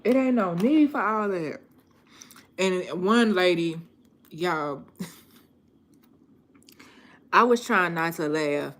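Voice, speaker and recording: A woman talks casually to her viewers. She takes her time and tells her stories in a relaxed, slangy way. Her voice sits a little low. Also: takes it slowly, long pauses. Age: 30s. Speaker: vlogger.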